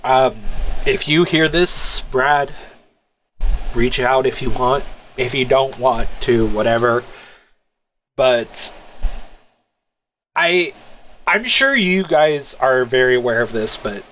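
A tipsy man crying as he speaks on a podcast, halting and emotional, stammering as he starts over. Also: medium pitch, animated, fairly bright tone, muffled recording, slight background noise. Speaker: podcast guest. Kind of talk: casual podcast chat.

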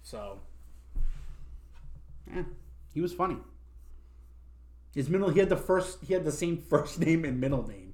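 A man's voice: on the high side, sing-song, unhurried, pauses often, mellow. A young man hosting a podcast, chatting casually with lots of swearing and restarts. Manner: rambling, swears, many restarts. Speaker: podcast host. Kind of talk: casual chat.

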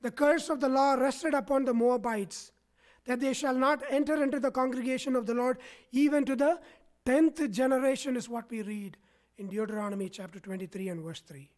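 A man's voice: extremely high pitch, fairly quick, darkish tone. Man preaching, asking "right?". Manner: asks the congregation frequent "right?" tags. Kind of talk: sermon. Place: church.

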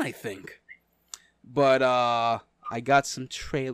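A man's voice: medium pitch, flat delivery, extremely slow, a bit bright, clean tone. A man co-hosting a live podcast, chatting loosely and laughing often. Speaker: podcast co-host. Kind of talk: casual live-stream chat.

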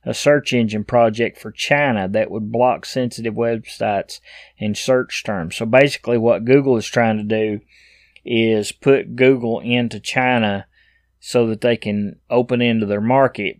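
A man's voice: mid-range voice, fairly even intonation, normal speed, no room sound, studio quality. A man in middle age giving casual commentary on news headlines, reading each item aloud and then adding blunt, opinionated asides.

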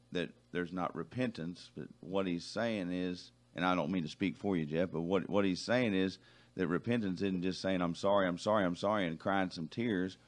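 A man with a very low voice co-hosts a radio talk show. He reads listener texts aloud and walks through his answer in a patient, conversational way. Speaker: radio co-host.

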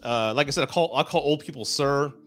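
A loose, chatty man with a Southern Texan drawl talks at a middling pitch on his live stream and drops the odd swear word. Faint music plays behind him. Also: fairly quick, a bit bright. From South Texas, USA. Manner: chatty, loose, swears, reads comments aloud. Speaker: divorce podcast host. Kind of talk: live-streamed casual monologue.

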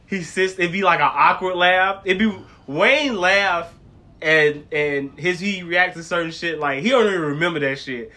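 A man's voice: high-pitched, normal speed. A man co-hosting a casual podcast, telling stories with lots of profanity and acting out people he talks about. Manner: animated storytelling with impressions, profane. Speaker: podcast co-host.

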